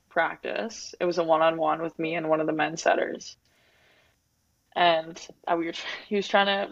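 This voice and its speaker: The guest here is a woman in her twenties from Winnipeg, Canada, an athlete speaking reflectively and openly in an interview, full of "like" and "um". Her voice sits on the low side and is creaky, heard in a dull, dry, lo-fi recording.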